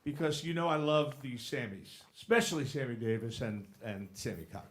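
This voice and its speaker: A man's voice: mid-range voice, brisk, fairly bright tone. A man singing a jazz standard as guest on a live cabaret show, then chatting playfully as co-host. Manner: playful, rambling, self-deprecating. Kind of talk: cabaret singing and casual chat.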